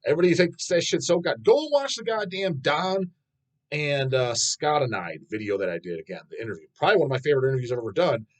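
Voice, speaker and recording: A man's voice: a little high, sing-song, quick pace, low-quality recording. A man in his thirties who hosts his own channel, answering fan questions in a rambling, blunt monologue full of swearing. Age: 30s. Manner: profane, blunt, swears constantly, laughs at himself.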